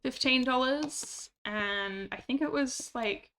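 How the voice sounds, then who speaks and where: Woman, game streamer, bright sharp tone, self-deprecating asides, cheap desktop mic. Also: high-pitched, slow, a little hiss or hum. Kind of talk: casual gameplay commentary. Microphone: cheap desktop microphone.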